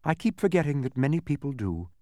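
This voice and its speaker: A man voicing a kindly, fretful woman who keeps sounds, speaking gently and earnestly. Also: a little high, very animated, fast, dry recording, clean studio sound.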